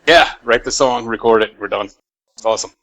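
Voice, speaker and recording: A man's voice: medium pitch, a little fast, a bit bright, no room sound, low-quality recording. An American man, a musician guest, chatting casually in an interview, laid-back with plenty of fillers and laughs. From United States.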